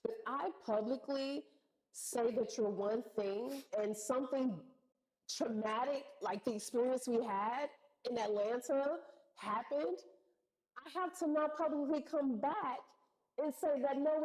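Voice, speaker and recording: Mellow-voiced woman telling a story. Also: high voice, a little slow, poor audio. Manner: animated, slangy retelling with acted-out quotes. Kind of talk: casual storytime chat.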